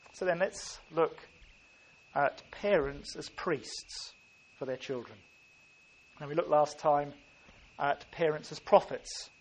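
A man's voice: fairly high pitch, breathy edge. A man preaching a sermon, earnest and emphatic, often stopping to restart a phrase. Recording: faint ambient background noise.

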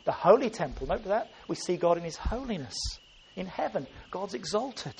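A man's voice: high voice, sing-song, normal speed, vocal fry, darkish tone, slight background noise. A man preaching a sermon, earnest and emphatic, often restarting his phrases.

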